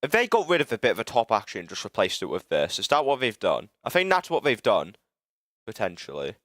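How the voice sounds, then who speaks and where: Young British guy streamer, low and smooth, dry close mic, rambly and sweary. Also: wildly swooping pitch, fairly bright tone, dry recording. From Britain. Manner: rambling, self-interrupting, swearing, quick to frustration. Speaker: livestreamer. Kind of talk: casual live-stream chat while game building.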